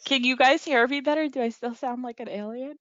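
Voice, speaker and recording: A woman's voice: high-pitched, steady tone, fairly quick, fairly bright tone, no room sound. A woman chatting casually on a video call, hesitant, with many ums and likes. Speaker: support group member. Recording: muffled video call audio.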